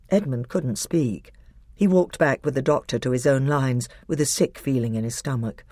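A woman reading a storybook aloud as narrator, with expressive storytelling. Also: a bass voice, normal speed, dry recording, clean studio sound. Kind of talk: audiobook narration.

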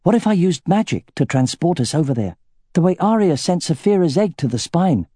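A troubled young dragon rider presses urgent questions, voiced by a man. The voice sits higher than plain talk, with a mellow tone. The sound is dry and close. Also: very animated, brisk, dry recording.

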